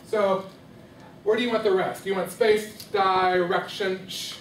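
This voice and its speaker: A man's voice: high-pitched, steady tone, unhurried, slight background noise. A man teaching a music lesson to a classroom, asking students questions and coaxing answers. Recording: echoey classroom from far off.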